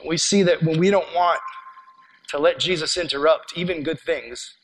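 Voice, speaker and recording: A man preaching a sermon as a pastor, telling a story in an earnest, conversational way and dropping quiet for emphasis. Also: a little high, normal speed, rough recording.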